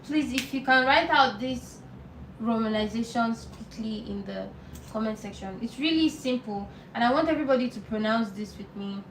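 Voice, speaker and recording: A woman teaching a live online beginner lesson, patient and repeating words slowly for learners. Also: fairly high pitch, echoey room, recorded from a distance, a little hiss or hum, rough recording. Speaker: language teacher.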